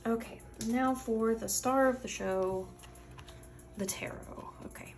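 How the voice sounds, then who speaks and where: A woman's voice: fairly high pitch, slow, soft background music. A sleepy woman doing a casual tarot reading, rambling and thinking aloud with lots of fillers. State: sleepy, yawning late at night. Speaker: tarot reader. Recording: cards shuffling and clicking behind.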